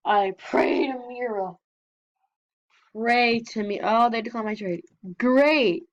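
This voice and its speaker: Chatty high-voiced young woman gamer. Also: slow pace. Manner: chatty, reads game text aloud. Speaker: gameplay vlogger. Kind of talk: casual gameplay commentary. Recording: dull lo-fi sound.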